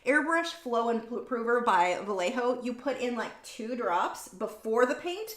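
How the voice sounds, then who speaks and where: A woman's voice: a little high, animated, measured pace, fairly bright tone. A woman hosting a casual painting livestream, chatting in a rambling way and correcting herself mid-sentence. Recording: roomy room sound.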